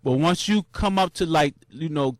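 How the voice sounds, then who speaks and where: A young man casually recounting a marathon, animated and full of slang, jumping into high shouts when he acts out cheering crowds. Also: moderate pace, no echo, studio quality. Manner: loose, repetitive slang with many restarts. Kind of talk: casual storytelling monologue.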